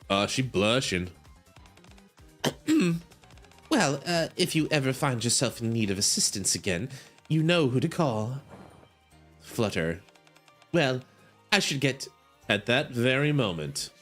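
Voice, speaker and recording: A man's voice: mid-range voice, sing-song, slow, long pauses, a bit bright, faint music behind. A man streaming, casually reading a game story aloud, giggling, rambling and stumbling over words.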